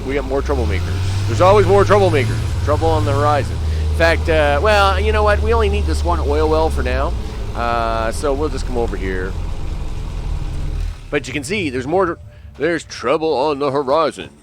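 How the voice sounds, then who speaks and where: A gaming channel host, a man with a slightly high voice, gives loose, casual commentary on his play, full of fillers and side remarks aimed at enemies. Background noise can be heard.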